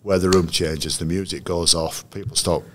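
Male coach, very deep voice, measured storyteller, lots of restarts. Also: steady tone, a little hiss or hum. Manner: anecdotal, measured, with frequent restarts. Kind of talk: interview storytelling.

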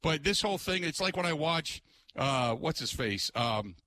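Lively, bright-voiced ranting radio host man. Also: a little high, moderate pace, slight background noise. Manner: animated, exasperated ranting with mocking voices. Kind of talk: talk radio rant.

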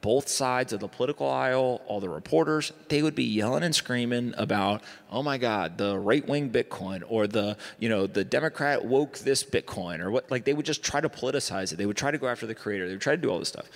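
A man's voice: mid-range voice, fast talker, gravelly, hardly any pauses, in a large hall. A man speaking as a guest on a conference panel, talking emphatically with rhetorical asides. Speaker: guest investor. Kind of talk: panel discussion. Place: conference stage.

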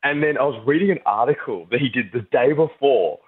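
A man, a TV presenter, telling animated stories as a guest on a radio show. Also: medium pitch, brisk, breathy edge, phone-quality sound. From Australia. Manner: animated anecdotes, acts out quotes. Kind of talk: casual radio interview storytelling.

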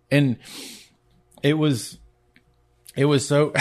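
A man hosting his own podcast, telling a personal faith testimony in an earnest, halting way, often restarting his sentences. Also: medium pitch. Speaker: podcast host.

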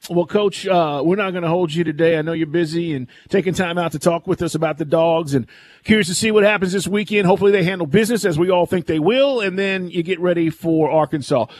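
A man's voice: high voice, quick pace, a little mellow, no room sound. A man co-hosting a sports radio show who reacts with short, easygoing comments. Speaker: radio co-host. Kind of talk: casual sports radio chat.

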